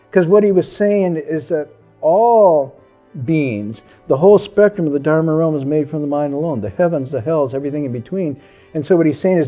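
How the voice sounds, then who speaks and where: A male Buddhist monk tells a story with a lively voice that rises and falls a lot. His pitch sits a little high for a man. He acts out the people he talks about as he goes. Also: normal speed, soft background music. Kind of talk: storytelling talk.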